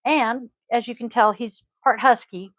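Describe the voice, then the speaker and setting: Higher-pitched lady host rambling about yoga stuff, lots of ums, dry close mic at home. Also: steady tone, a little slow, dry recording, poor audio. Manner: rambling, chatty, frequent ums and throat-clearing. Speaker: yoga teacher and podcast host. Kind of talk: casual podcast chat. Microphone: close podcast microphone.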